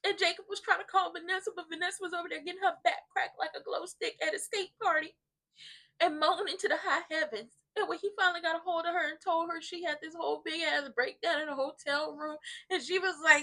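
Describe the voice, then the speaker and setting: A woman with a high, bright voice dishes on a soap opera episode like she's gossiping with friends. She plays it up with sassy asides, mock sobbing and big comic exaggeration. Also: steady tone, fast talker. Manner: dramatic and sassy, mock crying and playful exaggeration. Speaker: soap opera recap vlogger. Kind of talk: comedic TV recap commentary.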